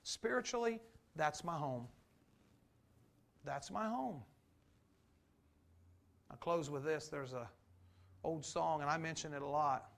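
High-voiced preacher asking the congregation questions. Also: male voice, slow pace, creaky, pauses often, a bit bright. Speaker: pastor. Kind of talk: sermon.

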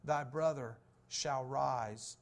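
A pastor preaches a sermon, asking rhetorical questions and answering them himself as he swings from fervent emphasis to soft, low reflection. He speaks very slowly, with vocal fry.

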